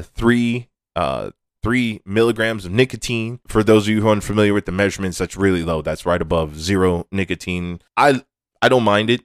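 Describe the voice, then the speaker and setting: A man's voice: low voice, fairly bright tone, clean tone, no echo, studio quality. A young adult man hosting a casual, rambling, candid monologue, with frequent restarts and swearing. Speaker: podcast host.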